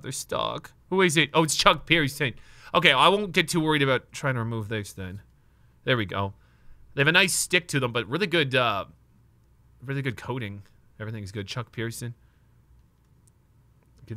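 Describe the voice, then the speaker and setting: A young streamer talks to his chat while opening trading card packs, sounding excitable and nervous and swearing every so often. His voice is medium in pitch, and the recording has no room sound.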